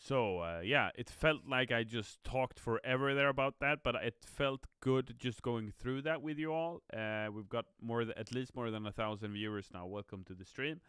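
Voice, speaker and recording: A man's voice: medium pitch, moderate pace, hardly any pauses, fairly bright tone, clear, resonant tone, no room sound, clean studio sound. Tired man chatting on a live stream. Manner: chatty, upbeat, promotional. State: tired, yawning. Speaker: game community manager. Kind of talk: live stream chat, reading viewer comments. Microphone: streaming mic.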